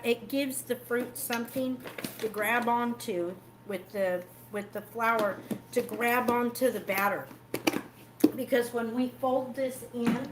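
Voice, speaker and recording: A woman's voice: a little high, background noise. Chatty woman hosting a home cooking stream. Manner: chatty, explains each step while cooking. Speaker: cooking show host. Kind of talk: casual cooking livestream.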